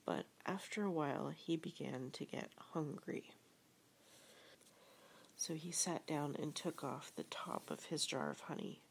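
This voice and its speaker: A woman reading a gentle storybook text aloud in a soft, half-whispered, breathy way. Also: low voice, a little slow, slight background noise. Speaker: reader.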